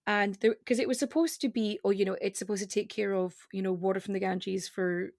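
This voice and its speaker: Gravelly-voiced woman podcast guest. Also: mid-range voice, steady tone, darkish tone, no room sound, studio quality. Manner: talks in quick, rambling runs with restarts. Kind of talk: casual podcast conversation.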